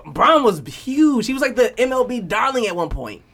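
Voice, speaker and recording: Animated casual man talking sports. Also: very high voice, moderate pace. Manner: loose, excitable, swears and laughs often. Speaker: podcast co-host. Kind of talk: casual chat.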